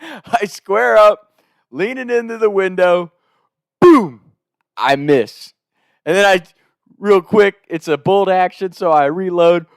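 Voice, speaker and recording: A man's voice: high-pitched, lively intonation, unhurried, gravelly, clear, resonant tone, dry recording, studio quality. A man casually telling a comic story, rambling and profane, laughing between his lines.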